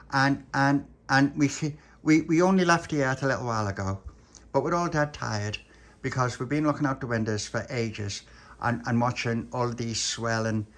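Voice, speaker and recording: A man's voice: mid-range voice, a bit bright. Man telling a rambling bedtime story. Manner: rambling, playful, restarts often. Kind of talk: improvised family bedtime story.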